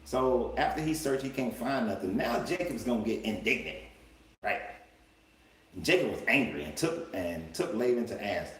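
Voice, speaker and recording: A man's voice: mid-range voice, animated, normal speed, a bit bright, recorded from a distance. Emphatic man on a roomy livestream. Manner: emphatic, colloquial, with rhetorical questions. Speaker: life coach and livestream host. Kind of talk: live-streamed Bible commentary. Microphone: livestream setup. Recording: roomy room with faint background noise.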